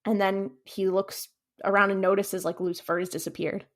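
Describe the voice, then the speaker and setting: A woman's voice: mid-range voice, level tone, moderate pace. A woman co-hosting a podcast, casually recapping a TV episode, blunt and swearing freely as she walks through each scene. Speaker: podcast co-host.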